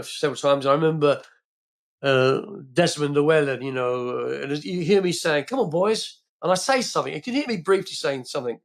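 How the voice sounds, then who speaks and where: An older man, a film actor guest on a podcast, telling rambling stories full of fillers and restarts. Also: a little high. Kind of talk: casual interview storytelling.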